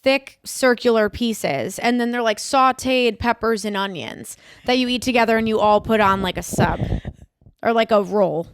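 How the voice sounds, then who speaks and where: A young woman from New York co-hosting a podcast, chatting casually and reacting with quick exclamations. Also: on the high side, a little hiss or hum. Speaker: podcast co-host. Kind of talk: casual chat.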